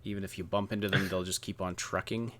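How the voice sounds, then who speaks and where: A man co-hosting a gaming podcast, calmly reading out and questioning news points in casual chat. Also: deep voice, no room sound. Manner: measured, reads from articles, hesitant restarts. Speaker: podcast co-host.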